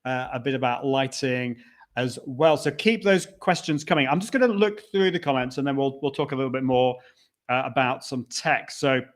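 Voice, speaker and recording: This is a casual live-stream chat: a man at a conference venue hosts a live video show, reading out viewer comments along the way. He speaks at normal speed with a medium-pitched, expressive voice.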